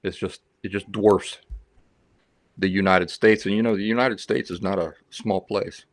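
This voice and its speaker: A man's voice: low voice, fairly even intonation, moderate pace, no echo. A man hosting a livestream, telling stories in a rambling, chatty way and reading out viewer comments. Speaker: livestream host. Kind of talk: casual livestream chat.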